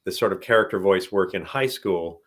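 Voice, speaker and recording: Older guy voice actor rambling about his craft on a stream, pitched a bit low, laughs a lot. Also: fairly quick, fairly bright tone. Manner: chatty, rambling, laughs often. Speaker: voice actor guest. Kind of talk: casual live-stream Q&A.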